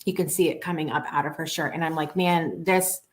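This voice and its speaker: A woman's voice: sits low, steady tone, quick pace. A woman hosting a live show, telling stories in a casual, earnest, chatty way, often restarting her sentences. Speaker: show host.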